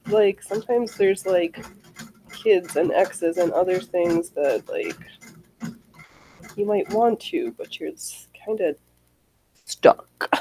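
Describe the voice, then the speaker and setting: A woman's voice: mid-range voice, mellow, a little hiss or hum, rough recording. A woman hosting a livestream, chatting casually and rambling as she answers chat comments, with frequent swearing. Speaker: livestream host.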